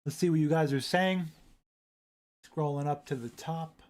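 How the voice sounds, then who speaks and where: A man hosting a casual live stream, rambling, repeating himself and reading chat aloud into a boom-arm desk mic. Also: measured pace, a little mellow.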